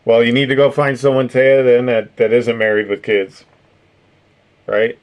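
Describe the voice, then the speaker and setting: A man's voice: medium pitch, little pitch movement, normal speed, clean tone. A middle-aged man hosting a live stream, chatting casually with viewers, rambling, swearing and laughing often. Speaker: streamer host reading chat.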